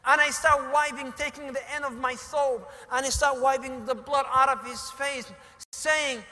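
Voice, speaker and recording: A man's voice: extremely high pitch, steady tone, moderate pace, bright, forceful tone. A man preaching a sermon, retelling a story dramatically and mixing in Arabic phrases. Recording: echoey hall.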